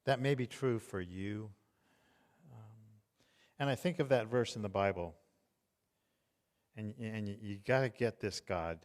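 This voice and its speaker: A middle-aged man preaching a tender, hushed sermon as pastor. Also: lowish voice, big-room sound. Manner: slow, tender, hushed delivery.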